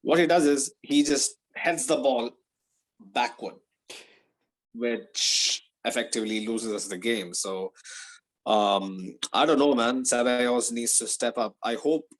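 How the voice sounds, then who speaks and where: A man talking on a casual football podcast as a panelist, halting often as he searches for words. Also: medium pitch, low-quality recording.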